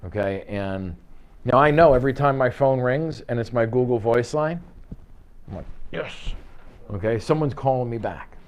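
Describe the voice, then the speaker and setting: A man's voice: medium pitch, moderate pace. A man teaching a real estate sales class in an office, acting out phone calls in quoted voices. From United States. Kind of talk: office training talk.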